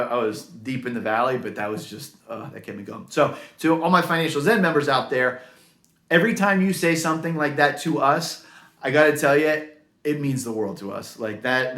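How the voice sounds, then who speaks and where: A man's voice: medium pitch, normal speed, fairly bright tone, reverberant. A man telling his own career story in an earnest, heartfelt way, with many fillers. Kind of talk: personal story to camera.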